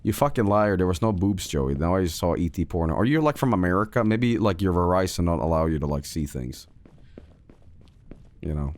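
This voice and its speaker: Man, game streamer, low voice, animated pitch, rambling, swearing, laughs often. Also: fairly quick, no echo. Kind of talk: casual livestream chat while gaming.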